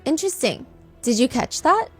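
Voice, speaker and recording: A woman hosting a true crime podcast, telling the story in an animated, conversational way with lots of "like.". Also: high-pitched, normal speed, music in the background. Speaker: podcast host.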